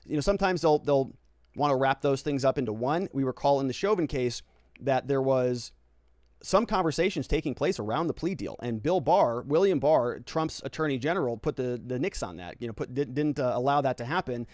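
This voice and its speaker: A man's voice: mid-range voice, expressive, brisk, a little mellow, dry recording, clean studio sound. A man hosting a casual legal commentary livestream, reading viewer comments aloud and answering them in a conversational way, often tagging his points with "right?" and restarting his phrases. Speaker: lawyer and legal commentary host.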